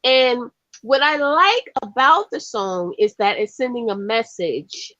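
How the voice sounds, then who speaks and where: A woman co-hosting a casual radio chat about music, talking in an unhurried way. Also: a little high, animated, pushed and bright, dry recording, dull audio. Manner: unhurried, brief agreeing replies. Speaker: co-host.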